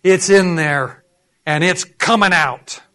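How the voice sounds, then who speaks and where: High-voiced male preacher. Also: slow pace. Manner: animated, acts out voices. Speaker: pastor. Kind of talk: sermon.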